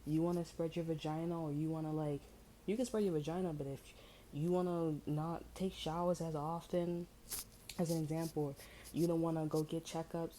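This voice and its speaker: A woman's voice: low voice, steady tone, moderate pace, dark tone, a little hiss or hum, poor audio. A woman tarot reader in slangy, rambling casual chat, amused and full of fillers. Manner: amused, breaks into laughter.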